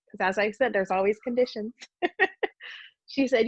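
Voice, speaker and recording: A woman's voice: mid-range voice, normal speed, long pauses, a little mellow, no room sound. A woman telling a personal faith story as a podcast guest, earnest and heartfelt. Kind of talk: personal testimony in conversation. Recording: dull, dry podcast audio.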